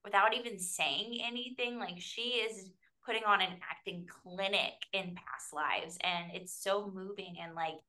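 A woman talking casually on a film panel, rambling and animated with lots of "like". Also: mid-range voice, unhurried, hardly any pauses.

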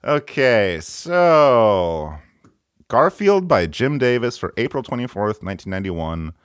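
A man hosting a podcast in a casual, comedic chat, playful and quick to laugh. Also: mid-range voice, sing-song, clear, resonant tone, no echo, studio quality. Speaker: podcast host. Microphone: remote call.

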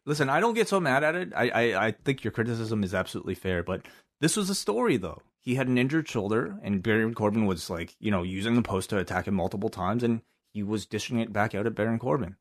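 A man's voice: lowish voice, expressive, fast talker. A man co-hosting a casual podcast, talking in a hesitant way with lots of fillers. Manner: hesitant, many fillers and restarts. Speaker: wrestling podcast co-host. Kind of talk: casual chat.

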